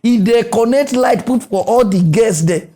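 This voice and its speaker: Nigerian male comedy host, high voice, animated and mocking in Pidgin-accented English. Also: normal speed. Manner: animated, mocking, switches pitch a lot. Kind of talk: comic commentary in Nigerian Pidgin.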